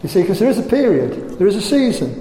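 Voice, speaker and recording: A man's voice: high-pitched, very animated, fast talker, warm tone. An older man preaching a sermon, emphatic and full of rhetorical questions. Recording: echoey hall, faint room noise.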